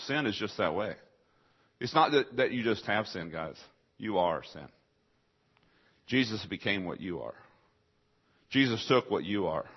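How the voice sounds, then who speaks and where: A man preaching a sermon, emphatic and shifting between loud declarations and hushed asides. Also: mid-range voice, husky. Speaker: pastor. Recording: dull lo-fi sound.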